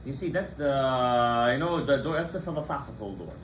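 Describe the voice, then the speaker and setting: A man, a rabbi, giving a lively Torah class to students in a study hall, animated and impassioned, calling on his students by name. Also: medium pitch, moderate pace, slight background noise.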